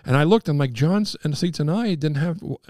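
Long island guy, middle-aged, telling excited stories, bit high voice, dry close sound. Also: a little fast, dry recording. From Long Island, New York. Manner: excitable, jumps into high-pitched impressions of people. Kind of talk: casual storytelling chat.

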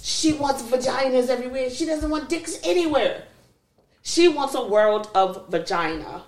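Blunt lively woman in echoey room. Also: sits high, normal speed. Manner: blunt, joking, emphatic. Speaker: podcast host. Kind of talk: casual banter.

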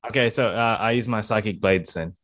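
A man's voice: fairly low pitch, a little fast, fairly bright tone. A man playing a tabletop game, talking casually about his moves. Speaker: player.

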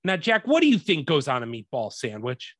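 A man's voice: mid-range voice, wildly swooping pitch, a little fast, a bit bright, dry recording. A man hosting a podcast, telling a long story as a profane, exasperated rant in a casual way. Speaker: podcast host.

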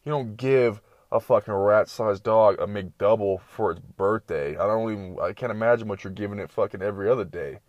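A young man with a deep, low voice tells a loose, profanity-laced story and drifts from tangent to tangent. His delivery is slangy and casual, like a late-night ramble. The recording is dry and close. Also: fairly quick, hardly any pauses, no room sound, muffled recording.

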